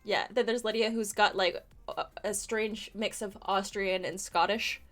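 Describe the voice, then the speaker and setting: A woman's voice: medium pitch, steady tone, a little slow, faint music behind. A woman hosting a casual livestream chat, laughing, swearing and rambling. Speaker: podcast host.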